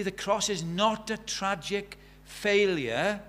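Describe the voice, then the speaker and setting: A man's voice: sits high, measured pace, hardly any pauses, fairly bright tone, slight background noise. A man preaching a sermon, emphatic, repeating key phrases and asking the listeners rhetorical questions.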